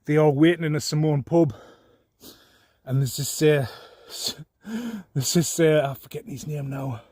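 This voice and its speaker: A man's voice: fairly high pitch, fairly even intonation, moderate pace, darkish tone, no room sound, clean studio sound. A man in an angry, profane monologue, mocking his critics and laughing at them.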